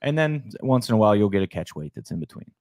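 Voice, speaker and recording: A man with a low-pitched voice co-hosts a live studio podcast, running through matchups in a loose, slangy way. The sound is dry and close, with no room echo. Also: big pitch swings, quick pace, a little mellow. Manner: laid-back, slangy, says "bro" and "like". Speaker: podcast co-host for a fight promotion. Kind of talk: casual live podcast chat.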